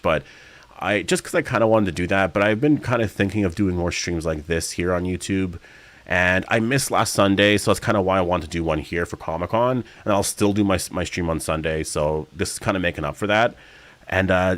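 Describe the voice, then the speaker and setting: Male streamer, very low voice, dry close sound, rambling chat Q&A. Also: dry recording. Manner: rambling, chatty, frequent fillers and self-corrections; sometimes yawning mid-speech. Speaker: streamer reading live chat. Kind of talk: casual livestream Q&A.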